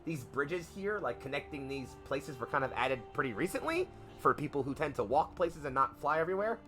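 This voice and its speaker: A man's voice: fairly high pitch, big pitch swings, a little fast. A male game master narrates a tabletop game in a loose, rambling way, filling his sentences with "like" and "sort of". Faint music plays underneath. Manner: rambling, filler-heavy description.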